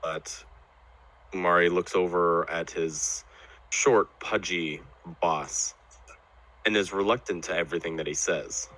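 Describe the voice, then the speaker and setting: Slow deep-voiced man. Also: fairly even intonation, a bit bright, low-quality recording. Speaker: player. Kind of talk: playing a tabletop game character.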